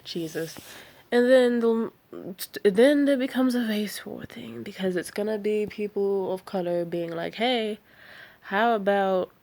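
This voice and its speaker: A woman's voice: mid-range voice, unhurried, gravelly, dark tone. Tired, heated woman ranting. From San Francisco Bay Area. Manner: heated, profane, rambling. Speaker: vlogger. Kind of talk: late-night rant.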